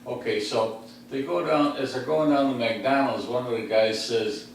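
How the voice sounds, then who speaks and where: Kicked back in his recliner at home, a west side Chicago man, USA, runs a comedy podcast full of rambling street stories, loaded with fillers and his own chuckles. He speaks at medium pitch and a moderate pace, recorded from a distant mic in a very echoey room with a faint hum.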